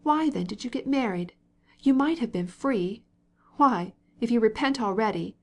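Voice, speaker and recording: A woman's voice: expressive, normal speed. A woman reading an audiobook, voicing an indignant, tearful young wife who insists on her point. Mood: tearful indignation. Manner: pleading, insistent, raised pitch.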